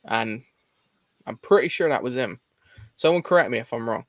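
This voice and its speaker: A man's voice: mid-range voice, expressive, moderate pace, a bit bright, no echo. A man hosting a casual livestream chat about movies, rambling and laughing often. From England. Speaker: host.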